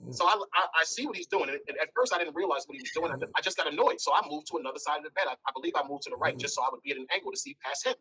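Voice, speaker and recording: A man's voice: fairly high pitch, rapid-fire, few pauses, slightly rough, rough recording. A man speaking as an interview guest, telling a blunt, candid story and acting out the dialogue. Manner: blunt, animated, acts out dialogue.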